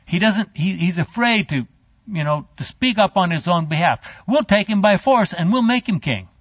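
A man's voice: high-pitched, animated, moderate pace, a bit bright, husky, no room sound, exaggerated voice. A man voicing plotting disciples in a persuasive, conspiratorial way, in a dull, dry recording. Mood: scheming. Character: scheming male disciples plotting to crown a king.

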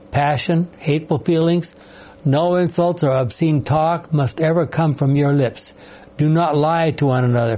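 Mellow-voiced man leading a Bible study. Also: a little high, low-quality recording. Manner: questioning, explanatory, calls on readers. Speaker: Bible study class leader.

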